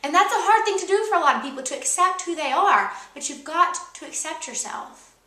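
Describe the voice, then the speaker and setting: A woman's voice: very high-pitched, lively intonation, brisk, bright, forceful tone, reverberant. A young woman co-hosting a motivational vlog, upbeat and emphatic, leaning on repeated key words. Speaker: co-host. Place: indoor room with a kitchen counter.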